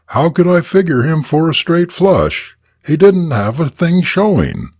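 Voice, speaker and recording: A man's voice: fairly high pitch, sing-song, a little slow, a little mellow, breathy edge, no room sound, voice pushed up, full character voice. A man voicing a distressed young man explaining away a gambling loss. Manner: distressed, pleading. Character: anxious young man who lost at poker.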